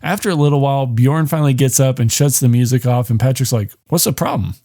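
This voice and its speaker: A man's voice: mid-range voice, fairly even intonation, fast, mellow. A man hosting a podcast, recapping a movie in a casual, rambling way, full of swearing and "like". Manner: rambling, profane, heavy on "like". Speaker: podcast host.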